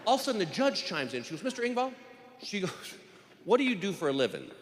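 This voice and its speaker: A man's voice: fairly high pitch, sing-song, fast talker. A man doing stand-up, telling a story and acting out the voices of the people in it. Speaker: stand-up comedian. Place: stage in a large hall. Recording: live show in a hall, audience noise.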